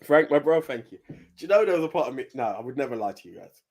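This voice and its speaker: A man's voice: mid-range voice, animated, fast talker, noisy background. Tipsy rambling man. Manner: rambling, stumbling over words, laughing often. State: drunk. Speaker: co-host. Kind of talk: casual drunk chat on a live stream.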